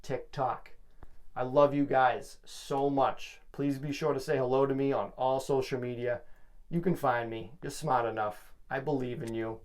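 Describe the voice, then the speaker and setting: A man's voice: mid-range voice, steady tone, moderate pace, a little mellow. A young man hosting his own podcast alone, rambling and joking as he hypes himself up. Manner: rambling, jokey, self-hyping. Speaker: podcast host. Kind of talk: casual solo podcast monologue.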